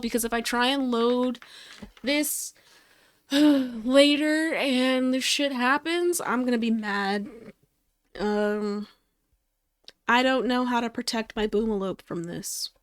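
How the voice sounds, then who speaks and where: A woman's voice: on the high side, a bit bright, smooth, dry recording. A woman streaming a game, giving exasperated live commentary and swearing freely as she talks to the game.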